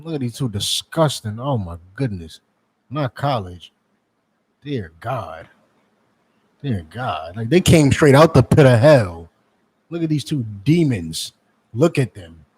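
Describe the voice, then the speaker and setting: A man's voice: medium pitch, a little mellow, husky. A man preaching in a fiery, mocking street-preacher style, calling on others to read scripture. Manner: heated, mocking, profane, calls for scripture readings. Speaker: preacher and teacher.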